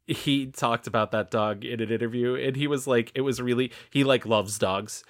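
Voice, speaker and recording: A man's voice: mid-range voice, steady tone, normal speed. A man co-hosting a film podcast, chatting casually, laughing often and swearing now and then. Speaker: podcast co-host.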